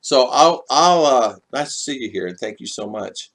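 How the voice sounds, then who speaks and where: Animated man chatting on a live stream. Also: mid-range voice, moderate pace. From United States. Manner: animated, chuckles often, greets viewers by name. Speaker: vlogger hosting a live stream. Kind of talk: casual live-stream chat with viewers.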